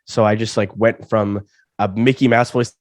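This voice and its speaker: A man's voice: lowish voice, little pitch movement, moderate pace, no echo. A young man in his twenties from Alabama, a comedian guest on a casual interview, feeling sick and often stammering over restarts. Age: 20s. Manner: stammering restarts, repeats words.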